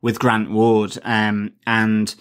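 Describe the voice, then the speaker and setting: A man's voice: fairly low pitch, completely flat delivery, extremely slow, smooth. A man co-hosting a podcast, musing in a rambling, hesitant way with many fillers. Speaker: podcast co-host. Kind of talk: casual chat.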